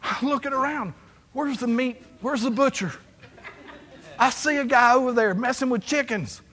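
High, bright preacher in a hall. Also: male voice, moderate pace. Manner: storytelling, animated, acts out dialogue. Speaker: pastor. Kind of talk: sermon. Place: church sanctuary. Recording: long hall reverb.

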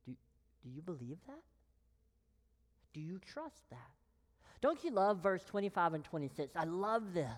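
A woman pastor preaching a sermon with emphatic pauses, sinking to a whisper on key words. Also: lowish voice, sing-song, in a large hall. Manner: slow, emphatic delivery with long pauses, dropping to a whisper on key phrases.

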